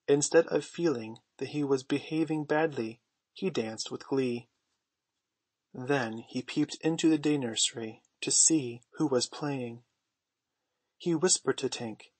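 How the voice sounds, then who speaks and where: A man narrating a storybook audiobook in a gentle, measured way. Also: mid-range voice, breathy edge, dry recording. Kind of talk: storybook reading.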